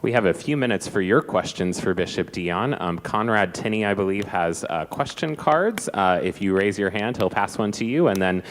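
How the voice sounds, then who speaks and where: A man's voice: on the low side, expressive, moderate pace, few pauses. A man moderating a church forum, making casual announcements with "uh" fillers. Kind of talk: announcements and hosting.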